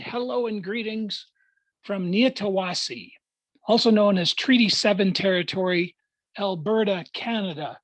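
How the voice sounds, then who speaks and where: A man giving a formal prepared speech to a club over a video call, measured and deliberate, with emphatic pauses. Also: high voice, dry recording, rough recording. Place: at home, joining remotely.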